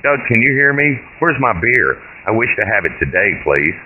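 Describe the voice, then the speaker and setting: A man's voice: low-pitched, lively intonation, moderate pace. A man reading as a bossy old great-grandmother. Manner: blunt, commanding. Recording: tinny phone-like line with hiss.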